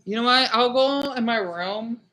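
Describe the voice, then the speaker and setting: A young man livestreaming, rambling casually to his chat, scolding commenters and hushing his dogs. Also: very high-pitched, measured pace.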